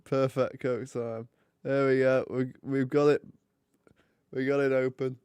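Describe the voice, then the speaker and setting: A man's voice: medium pitch, level tone, unhurried, a little mellow, clean tone, no room sound. A young man chatting and joking casually while hosting a live hockey watch party. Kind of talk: casual live commentary and chat.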